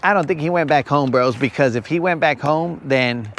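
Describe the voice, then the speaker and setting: A man's voice: fairly high pitch, moderate pace, slight background noise. A man hosting a live fishing stream outdoors on a lake, joking with viewers in casual chat and calling them bro.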